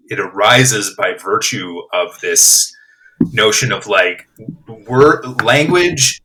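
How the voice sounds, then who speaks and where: A man's voice: fairly low pitch, pushed and bright, a little hiss or hum, rough recording. A man guesting on a podcast, thinking aloud about language in an enthusiastic, reflective way. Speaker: guest, playwright. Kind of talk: casual podcast discussion.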